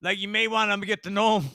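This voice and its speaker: Gravelly, bright-voiced rambling male commentator. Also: high-pitched, dry recording. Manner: rambling, profane, conspiratorial, asides and chuckles. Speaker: online commentator.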